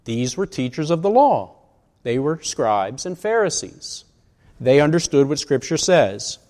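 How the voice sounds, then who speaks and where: Man in his 60s, pastor, conversational sermon, higher-pitched voice, long hall reverb. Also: sing-song, measured pace, darkish tone. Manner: conversational, asks rhetorical questions.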